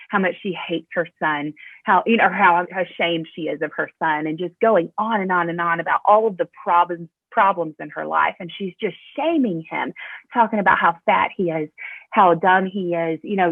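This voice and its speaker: A woman assistant principal telling a personal story in an interview, animated and full of fillers. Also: on the low side, no echo. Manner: animated storyteller, fillers, voice jumps up when quoting. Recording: tinny phone-line audio, dry.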